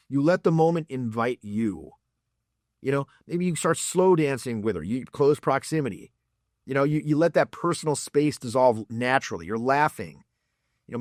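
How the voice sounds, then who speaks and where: A man's voice: medium pitch, no echo, studio quality. Blunt, profane male dating coach. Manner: puts on mocking voices to act out examples. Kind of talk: blunt advice monologue.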